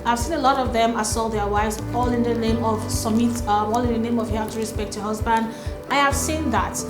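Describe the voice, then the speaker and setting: Nigerian woman in her 30s, earnest advising vlogger, slightly high voice, roomy sound. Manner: earnest, advising, many ums. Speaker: commentary vlogger. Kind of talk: casual commentary.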